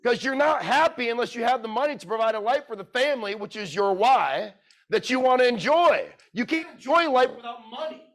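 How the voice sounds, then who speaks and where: A man giving a motivational talk to a live audience. He speaks bluntly, swears freely, quizzes the crowd, and swings from loud urging to quiet, emotional storytelling. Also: very high voice, lively intonation, a little fast. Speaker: keynote speaker.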